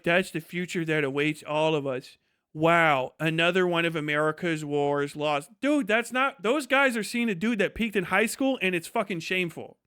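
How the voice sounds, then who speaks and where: Young male streamer with a high voice and a dry, close sound, on a crude, heated rant. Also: fairly bright tone, dry recording. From United States. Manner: profane, heated, mocking impressions. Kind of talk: ranting livestream monologue.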